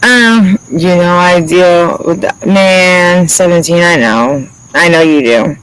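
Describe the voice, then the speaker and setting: A man's voice: high-pitched, slow, a bit bright, clear, resonant tone, low-quality recording. A man chatting casually to viewers on a livestream, rambling and swearing freely, laughing often.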